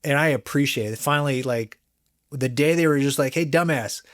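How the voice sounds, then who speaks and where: A middle-aged man telling his life story candidly in an interview, animated, swearing freely and acting out what others said. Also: medium pitch, brisk, clear, resonant tone, no room sound, studio quality. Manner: animated, swears freely, acts out quoted voices. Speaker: guest.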